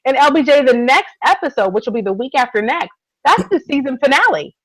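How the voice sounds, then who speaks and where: High-voiced, eager woman co-hosting a recap. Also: very animated, a little fast, fairly bright tone, dry recording, poor audio. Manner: enthusiastic, keeps addressing her co-host. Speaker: podcast co-host. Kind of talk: casual TV recap chat.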